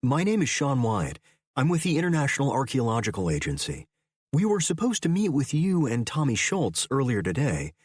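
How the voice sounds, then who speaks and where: A man playing a confident male adventurer-archaeologist who speaks firmly and plainly, pressing his point with urgency. The voice has a husky edge and a dry, close sound. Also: medium pitch, wildly swooping pitch, moderate pace, no room sound. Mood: urgent. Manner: firm, urgent, matter-of-fact.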